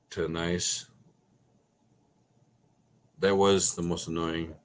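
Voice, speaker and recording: Man, very low voice, unhurried, casual live chat host, joking. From Wisconsin. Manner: slow, joking, reminiscing, swears casually. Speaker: livestream host reading chat.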